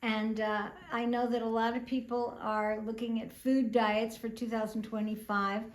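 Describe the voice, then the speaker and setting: A woman's voice: a little high, little pitch movement, normal speed. A woman of older years hosting a self-help talk, telling stories in an earnest, reflective way with small fillers. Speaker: host. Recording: roomy echo.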